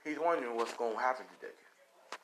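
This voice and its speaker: A man's voice: mid-range voice, expressive, fairly quick, a bit bright. A young man casually narrating an improvised fan story, rambling, swearing and full of fillers. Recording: noisy home recording.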